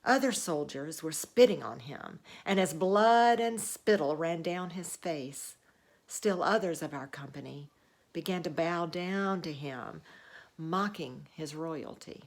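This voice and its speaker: A woman voicing a Roman centurion in a first-person dramatic monologue, telling it in an earnest, measured way. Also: low-pitched, heavily acted. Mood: solemn. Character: Roman centurion, a grown man, sober commanding officer.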